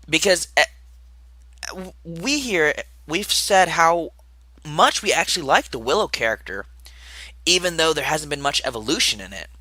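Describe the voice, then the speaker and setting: Young guy rambling through a wrestling recap, bright tense voice, real dry close sound. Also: a little high, no echo. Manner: rambling, restarts and asides, drops to mutters. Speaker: wrestling show reviewer. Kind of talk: casual podcast recap.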